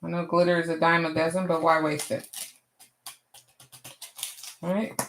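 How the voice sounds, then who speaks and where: A craft livestream host with a fairly low pitch speaks at normal speed in a flat delivery, with slight background noise behind her. She chats casually, laughs often at herself, talks back to chat, and uses a Southern "y'all."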